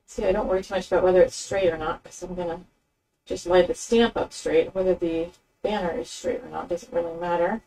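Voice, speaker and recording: A chatty woman walks through a craft project step by step, rambling a little and filling her pauses with ums. Her voice is mellow and a bit husky. She sits some distance from the microphone. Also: medium pitch. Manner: chatty, rambling with fillers, narrating her hands-on work. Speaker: craft demonstrator. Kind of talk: casual craft tutorial. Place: craft table indoors.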